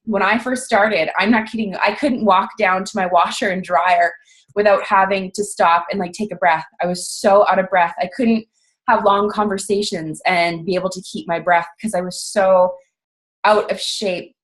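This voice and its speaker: A woman's voice: mid-range voice, steady tone, normal speed. A young woman giving a casual motivational talk, chatty and self-mocking, full of "like" and acted-out quotes. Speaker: guest speaker on a coaching team call.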